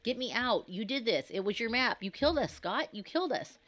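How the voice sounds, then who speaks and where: A woman's voice: on the high side, very animated, a little fast, fairly bright tone, pitched above the performer's own voice. A woman voicing a panicked, trapped male business partner who shrieks hysterical accusations. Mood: hysterical screaming.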